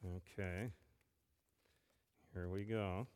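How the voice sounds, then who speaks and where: A man, a pastor giving a playful children's sermon and gently asking a child many questions. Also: low-pitched, steady tone, drawn-out words, smooth. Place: church sanctuary. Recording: long church reverb.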